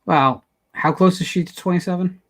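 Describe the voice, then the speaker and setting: A man's voice: sits high, normal speed, fairly bright tone. A man hosting a podcast, chatting casually with wry humor and telling stories. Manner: talkative, wry, storytelling. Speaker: podcast host. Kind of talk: casual chat.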